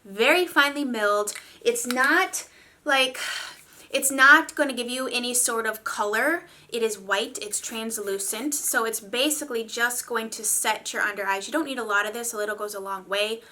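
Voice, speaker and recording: A woman's voice: a little high, moderate pace, bright, forceful tone. A young woman reviewing makeup in a chatty, gushing way, full of fillers. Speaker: beauty vlogger. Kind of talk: casual product review.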